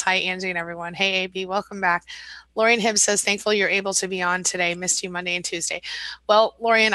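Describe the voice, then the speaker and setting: A woman hosting a live support stream, reading viewer comments aloud and answering them in a warm, chatty way with fillers and light laughs. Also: on the low side, no room sound, rough recording. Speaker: live-stream host and coach.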